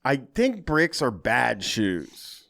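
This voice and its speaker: A man hosting a casual podcast chat, reading online reviews aloud with dry, deadpan asides. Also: medium pitch, drawn-out words, creaky.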